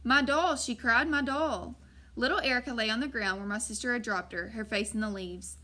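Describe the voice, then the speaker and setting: A woman's voice: a little high, a little fast, pushed and bright. A woman reading an audiobook and voicing a young girl who is frantic, pleading and tearful.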